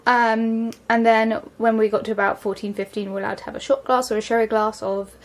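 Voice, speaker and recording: Young english woman rambling to the camera at home, lots of ums, talks fast in spurts. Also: a little high, little pitch movement. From England. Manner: rambling, chatty, many ums, quick bursts. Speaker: vlogger. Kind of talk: casual vlog monologue. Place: home, just out of the shower.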